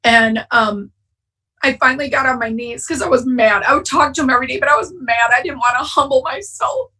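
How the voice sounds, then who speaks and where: Her voice is high and fairly even in intonation, a little fast, with a sharp tone and a breathy edge. She is a woman from Wisconsin sharing her recovery story emotionally and frankly at an online conference from home, sometimes choking up, recorded roughly from far off the mic.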